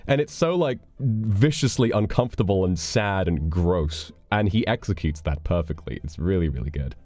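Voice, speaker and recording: A man's voice: low voice, expressive, normal speed, warm tone, no room sound. A man streaming live, rambling casually as he reads donations and chats, with casual swearing. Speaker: livestreamer.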